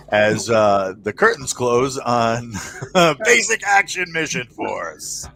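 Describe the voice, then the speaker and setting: A man with a low voice and a bright, forceful edge runs a tabletop game for his players on a stream. He narrates loosely, with lots of ums and restarts, and there is a faint hiss on the recording. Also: measured pace. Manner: rambling, many fillers and restarts, chuckles while narrating. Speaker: game master.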